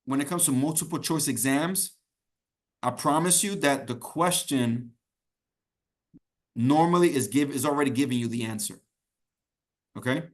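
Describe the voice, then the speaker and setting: A medium-pitched man speaks at a moderate pace with frequent pauses while teaching a live online exam prep class. His manner is encouraging and conversational, with lots of repetition of the key points and regular "okay?" check-ins.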